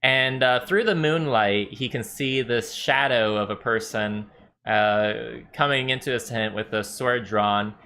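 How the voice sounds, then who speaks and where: A man runs a tabletop game as game master, narrating scenes in a loose, rambling way full of fillers. His voice has a bright, forward edge at an average pitch. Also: unhurried.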